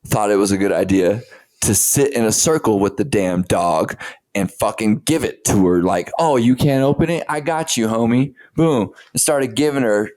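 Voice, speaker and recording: A man's voice: fairly low pitch, normal speed. A man co-hosting a podcast, telling a story in casual, profane chat and acting out the lines he quotes. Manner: animated storyteller, swears a lot, acts out quotes. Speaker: podcast co-host.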